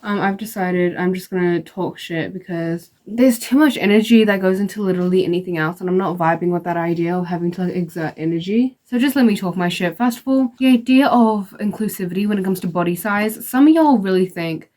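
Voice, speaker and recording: A woman's voice: lowish voice, fairly quick, hardly any pauses, mellow. A young woman ranting to her followers in a casual vlog, blunt and sassy, swearing freely and filling her talk with "like". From outside the United States. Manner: blunt, sassy, profane, lots of "like" fillers. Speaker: vlogger. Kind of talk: casual opinionated rant to camera.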